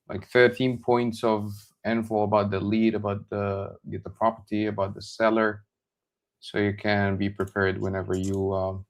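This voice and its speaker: Low-voiced co-host, relaxed, explains plainly. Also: male voice. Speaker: co-host sending seller leads.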